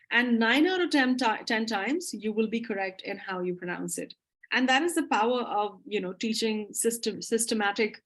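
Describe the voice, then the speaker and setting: A woman English teacher answering audience questions in a live webinar, talking with eager enthusiasm. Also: fairly high pitch. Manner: enthusiastic, explanatory.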